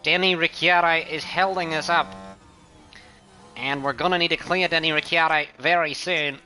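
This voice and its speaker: Man playing an excitable race caller in a put-on nasal Aussie accent, raised pitch, bright tone. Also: moderate pace, faint music behind. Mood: excited. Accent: put-on nasal Australian. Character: excitable male Australian race commentator.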